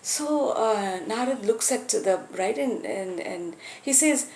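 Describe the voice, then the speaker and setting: A woman telling a story and explaining its lesson, animated and a little hesitant. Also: fairly high pitch, takes it slowly, few pauses, roomy sound. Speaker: storyteller and teacher.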